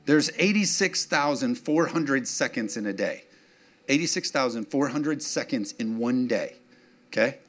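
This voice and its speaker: A man's voice: mid-range voice, lively intonation, measured pace, a bit bright. A man delivering a sermon as a pastor, preaching conversationally and emotionally, with laughing asides to the congregation.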